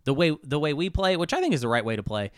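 A man with a smooth, clear voice talks loosely about a board game session, joking and circling back on himself. The sound is dry and close. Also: on the high side, lively intonation, quick pace, no room sound. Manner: rambling, jokey, self-interrupting. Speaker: podcast co-host. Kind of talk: casual chat about board games.

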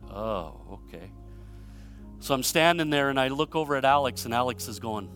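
A man from Michigan preaching a sermon, telling stories and asking rhetorical questions, swinging between loud emphasis and hushed moments. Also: medium pitch, fast talker, faint music behind. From Michigan, USA. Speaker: pastor.

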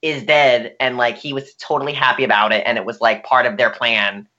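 Podcast guest, bright voice, opinionated, lo-fi sound. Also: medium pitch, steady tone, brisk. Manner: questioning, opinionated. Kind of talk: casual podcast chat.

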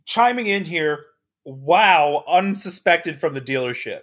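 Man, casual chat, quick reactions, husky, slightly high. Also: animated, fairly bright tone. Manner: laughs along, chimes in with quick reactions.

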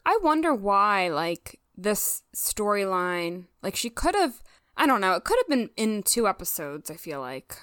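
Chatty woman co-host with a lively voice. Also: medium pitch, measured pace, clear, resonant tone, dry recording, clean studio sound. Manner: chatty, laughs easily. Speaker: podcast co-host. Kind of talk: casual rewatch podcast chat.

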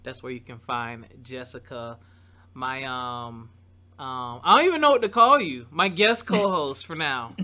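A man's voice: medium pitch, measured pace. A man hosting a podcast in a casual, upbeat, chatty way. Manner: lively, upbeat, chatty with laughs. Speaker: podcast host.

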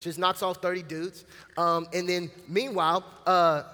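A man preaching as pastor, lively and casual with slang and acted-out quotes. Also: sits high, unhurried. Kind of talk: sermon. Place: church sanctuary. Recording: church hall reverb.

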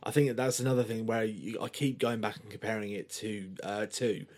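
A man's voice: lowish voice, fairly quick. A man co-hosting a podcast, chatting casually about a film with rambling, filler-heavy sentences. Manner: rambling, animated, many fillers. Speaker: podcast co-host. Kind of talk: casual film review chat.

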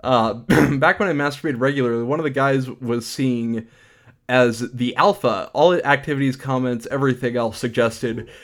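A man's voice: medium pitch, fairly even intonation, moderate pace. A man co-hosting a comedy podcast, reading forum posts aloud and joking, laughing often. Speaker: podcast co-host.

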